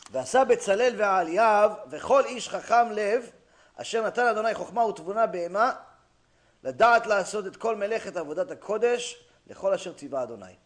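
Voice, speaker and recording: Man, rabbi type, high voice, animated lecture storyteller. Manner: animated storyteller, acting out characters, swings from loud to hushed. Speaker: rabbi teaching a class. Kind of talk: sermon.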